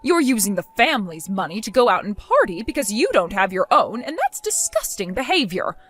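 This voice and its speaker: A woman's voice: mid-range voice, very animated, brisk, fairly bright tone, slightly rough, soft background music. A woman voicing a stern, scornful older mother-in-law who scolds and accuses. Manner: cold, scolding, contemptuous. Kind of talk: text-story voice acting.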